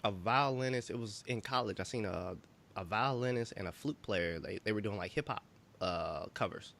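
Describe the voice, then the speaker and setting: A man co-hosting a podcast, telling stories in a relaxed, rambling way full of fillers. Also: on the low side, moderate pace, creaky, slight background noise. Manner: relaxed storytelling, lots of fillers. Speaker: podcast co-host. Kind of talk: casual chat.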